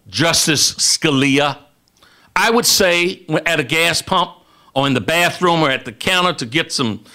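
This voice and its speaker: A man's voice: high-pitched, sharp tone. A man giving an impassioned speech as a radio guest, repeatedly addressing one listener directly and building emphasis.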